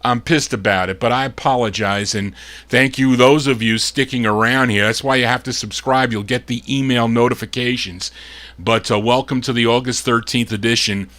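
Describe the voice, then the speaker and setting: A man hosting a live oldies record show, gruff and fed up as he grumbles between detailed introductions of the records he spins. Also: medium pitch, steady tone, normal speed, a bit bright. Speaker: radio show host and record DJ.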